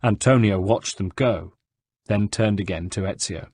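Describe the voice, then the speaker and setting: A man reading an audiobook in a measured, even storytelling manner. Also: lowish voice, slightly rough, dry recording. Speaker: audiobook narrator. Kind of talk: scripted narration.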